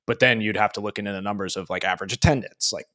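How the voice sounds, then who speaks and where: Low-voiced man thinking aloud. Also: fairly bright tone. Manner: thinking aloud, restarts, measured. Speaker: podcast co-host. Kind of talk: casual sports talk.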